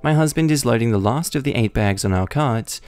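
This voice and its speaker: A man reads online stories aloud with a wry, deadpan comic touch. His voice sits at a middle pitch. The recording is dry and close, with faint music playing underneath. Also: fairly quick, clean tone, no room sound. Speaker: story narrator. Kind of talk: scripted narration of online stories.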